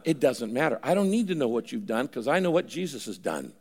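A man's voice: medium pitch, very animated, fast, a little mellow, husky, in a large hall. An older man preaching a sermon in a conversational way, at times voicing imagined listeners. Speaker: pastor.

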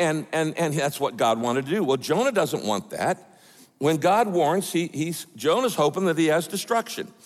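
A man preaching with a lively, swooping delivery, his voice leaning slightly high for a man. He punches his points with emphatic quoted asides. A long reverb trails him through a large hall. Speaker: pastor. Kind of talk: sermon.

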